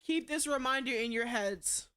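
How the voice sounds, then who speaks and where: A young woman streaming live, talking to her chat in a loud, blunt, profane way and laughing often. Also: high-pitched, normal speed, clean tone.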